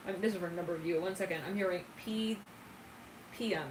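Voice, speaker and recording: A woman's voice: lowish voice, fast. A woman giving a casual, channeled tarot reading in a chatty, giggly way, with frequent asides. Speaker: tarot reader. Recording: roomy, distant mic with background noise.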